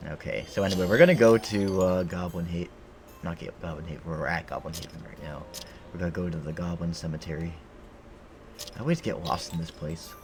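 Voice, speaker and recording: A man's voice: deep voice, steady tone, fairly quick, darkish tone, slight background noise. A man streaming a video game, joking and rambling in casual commentary.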